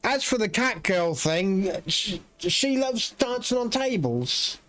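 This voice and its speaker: High-voiced man rambling through gameplay. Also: animated, slow, fairly bright tone. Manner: rambling, swears freely. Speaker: gameplay streamer. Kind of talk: casual gameplay commentary.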